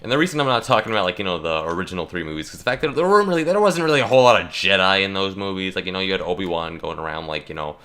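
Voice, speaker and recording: Bright-voiced young man ranting jokingly. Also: deep voice, animated, rapid-fire, few pauses. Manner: joking, rambling, many fillers and restarts. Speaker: gaming YouTuber. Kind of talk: casual rant while playing.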